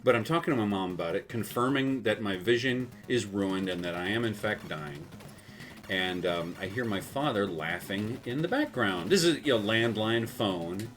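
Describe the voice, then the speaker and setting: A man's voice: fairly low pitch, animated, moderate pace, fairly bright tone. A man from South Texas telling a rambling, self-mocking story while he plays a game, laughing often. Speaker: gaming video host. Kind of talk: storytelling over gameplay.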